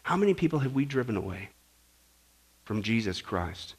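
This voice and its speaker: A man preaching a sermon, moving between hushed, slow stretches and loud, emphatic passages. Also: mid-range voice, big pitch swings, husky.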